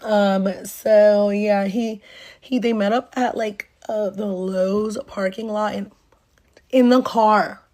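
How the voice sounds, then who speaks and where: A woman's voice: medium pitch, steady tone, slow pace, darkish tone. A young woman from North Carolina telling a casual storytime monologue, rambling through fillers and swearing as she acts out quoted lines.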